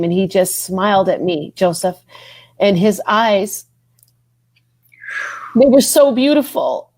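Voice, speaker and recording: High-pitched and somewhat dark in tone, this woman's voice comes through with no room sound. On a podcast, she gives an emotional testimony of her faith, speaking earnestly, repeating phrases, her voice rising when she's moved.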